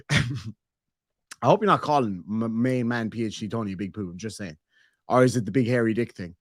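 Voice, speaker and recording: A man's voice: fairly low pitch, brisk, no room sound, clean studio sound. Joking Irish man reading chat. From Ireland. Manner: joking, crude, rambling. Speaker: streamer host reading member messages. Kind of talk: casual reaction stream chat.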